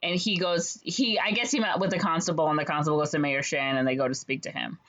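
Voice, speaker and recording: A young adult chattily retelling a musical's plot, with lots of ums and quick jumps in pitch to act out the lines. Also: steady tone, a bit bright. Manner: rambling storyteller with many fillers, jumps to higher pitch for quoted lines. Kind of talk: casual chat. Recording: slightly dull lo-fi recording.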